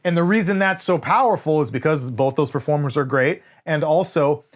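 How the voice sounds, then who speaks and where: A man's voice: on the high side, brisk. A man co-hosting a casual movie review, talking animatedly and swearing freely. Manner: animated, swears often, quotes scenes in voices. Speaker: podcast co-host.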